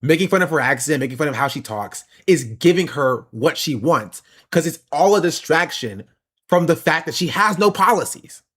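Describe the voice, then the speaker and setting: Male streamer, slightly high voice, opinionated political commentary, explains points. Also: fairly bright tone.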